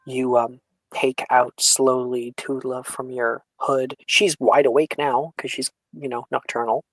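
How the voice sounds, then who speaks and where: A man narrates a tabletop game as game master, in a slow, dramatic manner that drops to a hush for tension. The recording is dry and close, with no room sound. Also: mid-range voice, little pitch movement, no room sound, poor audio.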